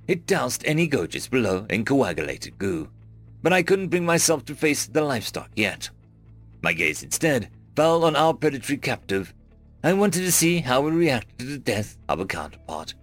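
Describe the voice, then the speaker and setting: Man narrating a sci-fi story, lively pitch. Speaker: audiobook narrator. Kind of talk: scripted first-person sci-fi narration. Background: faint background music.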